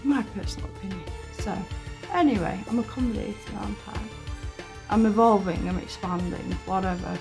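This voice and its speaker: A woman's voice: medium pitch, brisk, gravelly, music in the background. A woman hosting an online video, talking casually and rambling, with many fillers, asides and some swearing. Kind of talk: casual commentary to camera.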